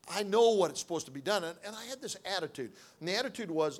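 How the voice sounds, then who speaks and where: A man's voice: sits high, expressive, fast talker, few pauses. A middle-aged man preaching through a personal story, in a conversational way, acting out the dialogue with frequent restarts. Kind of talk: sermon storytelling.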